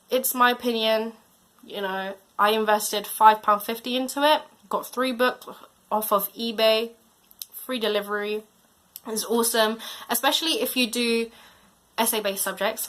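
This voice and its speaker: A chatty teenage girl, her voice bright and a touch high. She talks in a loose, slangy way, getting louder and then trailing off quietly. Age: late teens. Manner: chatty, slangy, drifting in and out of loudness. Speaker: student vlogger. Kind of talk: casual vlog advice.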